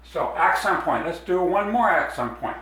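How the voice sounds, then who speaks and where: A man's voice: fairly high pitch, lively intonation, normal speed, pushed and bright, heavy reverb, far from the mic, low-quality recording. A man explaining step by step as he draws a design in a drawing demonstration. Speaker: art teacher.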